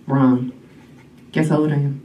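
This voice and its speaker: A woman's voice: very deep voice, level tone, unhurried, recorded from a distance, lo-fi sound, noisy background. A brash woman in her forties doing a stand-up comedy set, calling the audience y'all. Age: 40s. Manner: brash, sassy, addresses crowd as y'all. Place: comedy club stage. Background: loud audience laughter.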